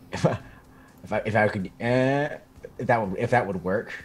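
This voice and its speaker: A man's voice: lowish voice, measured pace, a little hiss or hum. A man playing in a tabletop game, hesitant and thinking aloud about his moves. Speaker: player. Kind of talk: casual chat.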